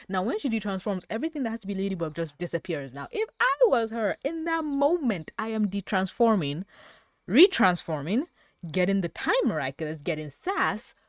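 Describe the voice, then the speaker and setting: A woman's voice: mid-range voice, no room sound, studio quality. A woman reviewing a cartoon episode in reaction commentary, swearing freely, ranting, and often breaking into laughter. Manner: profane, laughing often, rants. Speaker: animated series reviewer.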